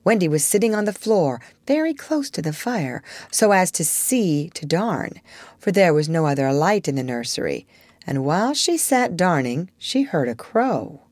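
A woman narrating a storybook aloud in an expressive, gently wistful way. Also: fairly low pitch, normal speed, no echo. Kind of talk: storybook reading.

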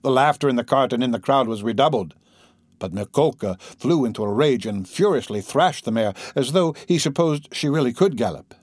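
A man narrating an audiobook in an expressive storytelling manner. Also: mid-range voice, brisk, no room sound, clean studio sound.

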